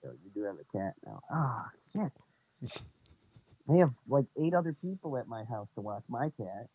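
Lively, teasing young man. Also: mid-range voice, moderate pace, breathy edge, dry recording, narrow, tinny audio. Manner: animated, teasing, fond of funny voices. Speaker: podcast co-host. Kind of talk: casual chat.

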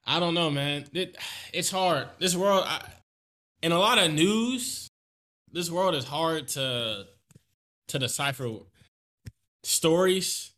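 A man's voice: on the high side, expressive, slow pace, pauses often, pushed and bright. A man co-hosting a casual podcast, giving blunt, profane opinions and repeating points for emphasis. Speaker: podcast co-host.

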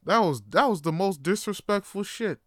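A man's voice: high-pitched, normal speed, no echo, clean studio sound. A young man hosting a podcast, telling a funny personal story in a casual, profane, slang-heavy way. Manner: animated, profane, slangy, lots of fillers. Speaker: podcast host.

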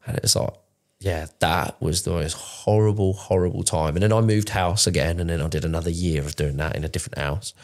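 A man in his thirties tells his story in a raw, unpolished way, often breaking off and restarting sentences. His voice is very low, with a rough, gravelly fry. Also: fairly even intonation, brisk. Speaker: podcast co-host. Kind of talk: candid conversational storytelling.

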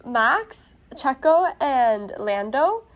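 A young woman co-hosting a podcast, chatting casually, agreeable and quick to laugh. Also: high-pitched, sing-song. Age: young adult. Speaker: podcast co-host. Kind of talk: casual chat.

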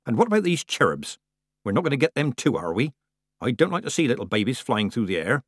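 A man voicing a stern, proud old witch woman with a sharp, commanding, disapproving manner. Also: medium pitch, very animated, fast talker, slightly rough, no room sound, studio quality, pitched above the performer's own voice.

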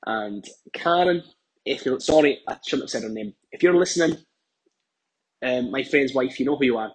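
A rough, raspy man with a lilt spins a rambling, animated comic tale. He jumps in and out of the voices of the people he describes, at an average pitch for a man. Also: moderate pace, rough recording. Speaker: contestant. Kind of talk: comedic storytelling.

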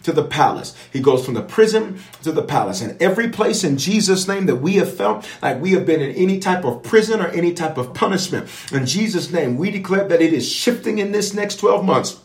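A man's voice: on the high side, animated, brisk, few pauses, reverberant. A man, a bishop, leading an online prayer that turns into Bible teaching. He preaches with an emphatic, repetitive cadence, making prophetic declarations and speaking straight to his viewers. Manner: speaks directly to an online audience.

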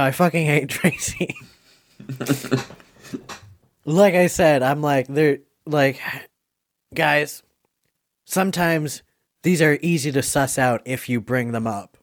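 A man hosting a casual movie quiz podcast, chatty and quick to laugh. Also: on the high side, animated. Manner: chatty, laughs often, gushing. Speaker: quiz host. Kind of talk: casual podcast game chat.

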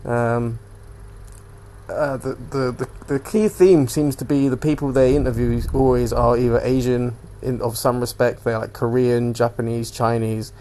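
A man's voice: medium pitch, fairly even intonation, a little slow, dark tone. A young man hosting a casual solo podcast, rambling loosely between topics and swearing freely. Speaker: podcast host.

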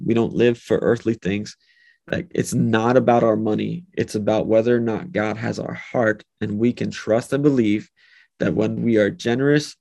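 Gravelly-voiced man preaching earnestly. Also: medium pitch, darkish tone. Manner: earnest, repetitive, emphatic phrasing. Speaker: pastor. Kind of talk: sermon and prayer.

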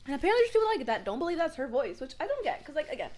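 Young woman podcast co-host, slightly high voice, rambling casual storyteller. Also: rapid-fire. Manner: chatty, lots of "like" fillers, animated storytelling. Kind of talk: casual chat.

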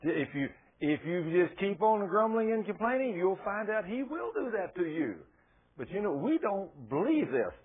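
A man preaching a sermon, telling Bible stories in a folksy, animated way. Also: high-pitched, normal speed, breathy edge. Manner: folksy, animated storytelling with laughs. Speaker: pastor. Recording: tinny phone-like sound.

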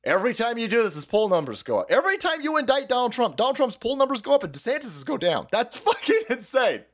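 A man's voice: very high voice, very animated, fast. A man in his thirties hosting a stream, ranting about politics in a profane, mocking way and slipping into silly voices. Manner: foul-mouthed, mocking, puts on silly voices. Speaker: podcast host.

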